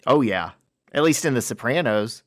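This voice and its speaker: A man co-hosting a podcast in casual chat, with relaxed, enthusiastic commentary, close to the mic. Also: mid-range voice, normal speed, no echo. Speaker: podcast co-host.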